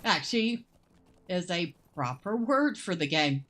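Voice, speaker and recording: A woman's voice: lowish voice, sing-song, fairly bright tone, a little hiss or hum. A woman giving casual, chatty gameplay commentary as she plays, musing aloud as she goes. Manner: chatty and unhurried, muses aloud, laughs easily. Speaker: gameplay host.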